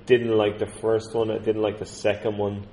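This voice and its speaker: A man co-hosting a casual film podcast, blunt and quick to laugh. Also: on the low side, monotone, warm tone, roomy sound, low-quality recording.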